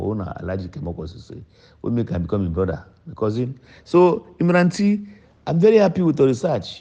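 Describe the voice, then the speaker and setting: Older man, Sierra Leonean accent, mellow voice, emphatic public address, dull lo-fi recording. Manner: emphatic, repeats points with sudden pitch jumps. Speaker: politician. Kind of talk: public address mixing English and Krio.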